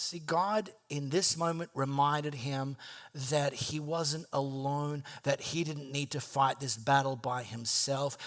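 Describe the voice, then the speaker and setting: Bright high-voiced male pastor. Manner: animated, playful, acts out his own reactions. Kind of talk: sermon with personal storytelling.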